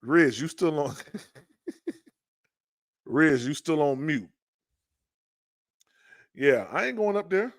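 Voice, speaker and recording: Exasperated animated man, dry close mic. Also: fairly high pitch, very slow, pauses often, no echo. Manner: exasperated, animated, talks back to chat. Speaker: podcast host. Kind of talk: casual livestream sports chat.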